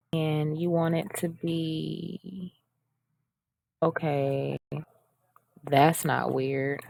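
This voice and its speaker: Low, gravelly-voiced woman coding tutor. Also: a little mellow, no echo. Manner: chatty, self-mocking, reads instructions aloud. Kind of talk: casual screen-share walkthrough.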